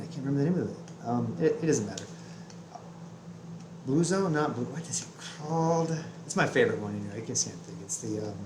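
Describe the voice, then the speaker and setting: A man's voice: medium pitch, roomy sound, background noise. A man telling a heated, profane story about his day in a casual vlog rant, full of restarts. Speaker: vlogger. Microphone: webcam.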